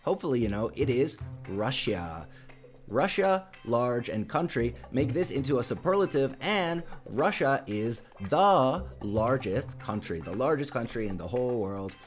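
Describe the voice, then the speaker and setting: A man teaching an English lesson to learners, speaking slowly and stressing words carefully. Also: medium pitch, very animated, soft background music. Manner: slow, careful pronunciation with emphatic stress.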